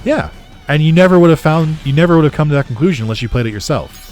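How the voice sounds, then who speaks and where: Animated, ranting man streaming games. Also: on the high side, very fast, faint music behind. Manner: ranting, sarcastic, swears a lot, laughs often. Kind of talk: casual gaming stream chat.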